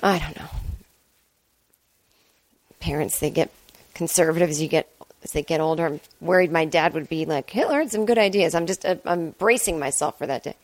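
A woman talks alone into a close mic in a rambling, offhand way, tossing in swear words and jokes at her own expense. Her voice sits a little low for a woman. The sound is dry, with almost no room around it. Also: steady tone, moderate pace, pauses often, no echo. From Boston area, US. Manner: rambling, chatty, self-deprecating, swears freely. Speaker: podcast host. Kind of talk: casual solo monologue.

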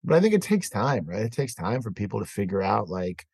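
A man's voice: on the low side, big pitch swings, brisk, gravelly, a little mellow, slightly rough, no echo. A man chatting loosely as a podcast guest, talking into a microphone. He swears freely and laughs through his stories. The sound is dry and close, with no room around it. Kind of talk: casual chat.

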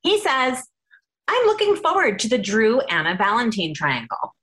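A woman's voice: a little high, huge pitch swings, normal speed, fairly bright tone, rough recording. A woman interviewer reading out questions and laughing along with her guest.

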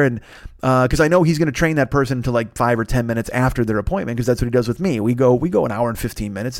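A man hosting a podcast alone, hoarse and congested with a cold, rambling through a profane story. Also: mid-range voice, dry recording, clean studio sound. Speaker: podcast host. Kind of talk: casual solo monologue.

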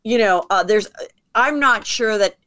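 A woman comedian telling stories as a podcast guest, chatty and quick to act out what people said. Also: medium pitch, bright, forceful tone. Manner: chatty storyteller acting out quotes. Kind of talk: casual podcast chat.

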